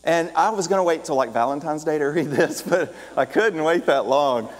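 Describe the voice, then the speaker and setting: A man delivers a sermon in a large church, his voice sitting a bit high for a man. He moves between storytelling and asides to the listeners, and the sound carries a long hall reverb. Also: normal speed. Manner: storytelling, warm asides to the congregation, reads a letter aloud. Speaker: pastor.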